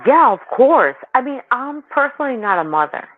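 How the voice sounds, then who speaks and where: A woman's voice: high voice, sing-song, moderate pace, no echo. A woman in her forties chatting casually as a caller, rambling and candid, telling stories animatedly. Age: 40s. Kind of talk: casual chat. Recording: tinny dry phone line.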